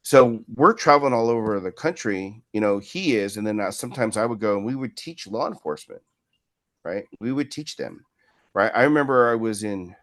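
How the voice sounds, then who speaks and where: A man's voice: lowish voice, lively intonation, normal speed, fairly bright tone. A man in his fifties, a martial arts instructor telling long, rambling stories in an interview and often adding "right?" to what he says. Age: 50s. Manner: rambling, with frequent "right?" tag questions. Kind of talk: casual storytelling in an interview.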